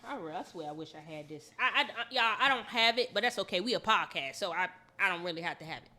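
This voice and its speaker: Woman co-host, bright, sharp tone, emphatic storyteller. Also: lowish voice, animated, quick pace. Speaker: podcast co-host. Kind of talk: casual chat.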